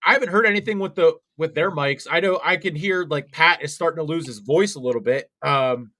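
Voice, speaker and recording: A man's voice: a little high, brisk, pushed and bright. A young man co-hosting a wrestling watch-along stream, rambling through live commentary with many fillers and restarts.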